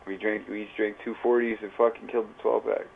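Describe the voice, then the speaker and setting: A man's voice: on the low side, level tone, fast talker, creaky, slight background noise. A man telling a rambling, profane story in casual, slang-heavy chat while livestreaming. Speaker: live streamer. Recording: tinny phone-like audio.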